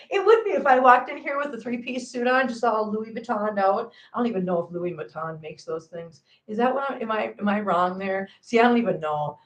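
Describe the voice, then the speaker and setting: Woman, forties, chatty livestream host, rambling, quick laughs, laptop mic at home. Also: medium pitch. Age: 40s. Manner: chatty, rambling, laughs often, reads chat comments aloud. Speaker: livestream host reading chat. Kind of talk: casual livestream chat. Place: her home. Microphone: laptop microphone.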